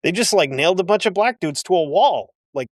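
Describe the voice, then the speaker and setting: A man's voice: high-pitched, animated, brisk, no echo, studio quality. A man hosting a history show, telling the story casually with blunt, sarcastic asides. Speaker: history podcast host.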